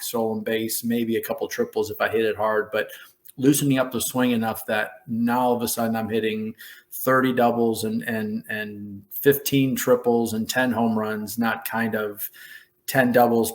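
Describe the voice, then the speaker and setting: A middle-aged American man sits as a podcast guest and spins a story from his playing days. He talks at an easy conversational pace, then pitches his voice way up to act out the shouts of coaches and his own excited replies. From United States. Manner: animated storyteller who acts out quotes in a raised voice. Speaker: former baseball player, guest.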